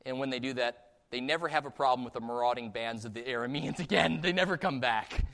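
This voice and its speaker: Animated male preacher in a reverberant church. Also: mid-range voice, quick pace, creaky. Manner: animated storytelling, acting out quoted voices. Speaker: pastor. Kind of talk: sermon. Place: church sanctuary. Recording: long hall reverb.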